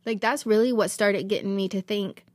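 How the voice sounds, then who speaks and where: A woman's voice: medium pitch, steady tone, moderate pace, a little mellow, dry recording, studio quality. A woman, hosting a podcast and telling a personal faith testimony in an earnest, emotional, rambling way. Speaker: podcast host.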